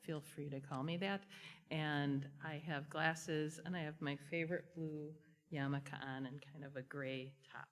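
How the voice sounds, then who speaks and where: A woman's voice: sits low, unhurried. A woman leading songs at a service, making casual remarks and laughing easily. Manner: laughs easily, relaxed and friendly. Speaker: song leader.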